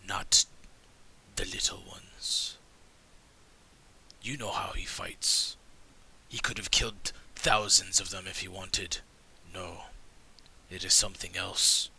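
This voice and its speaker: A game master voicing a grave, secretive man from a dwindling hunters' order in a hushed, half-whispered tone. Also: low-pitched, steady tone, takes it slowly, gravelly, long pauses, breathy edge, pitched below the performer's own voice, full character voice, low-quality recording.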